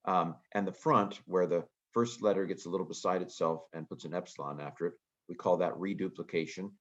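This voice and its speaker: A Greek teacher with a very low voice gives a casual lecture on Greek grammar, relaxed and thinking aloud. He muses as he goes, filling pauses with frequent ums, and the audio sounds muffled and lo-fi.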